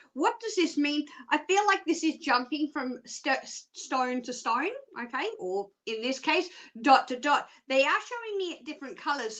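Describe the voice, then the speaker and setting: Australian woman psychic host, bubbly live-stream chat, high bright voice, jokey patter. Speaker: psychic presenter.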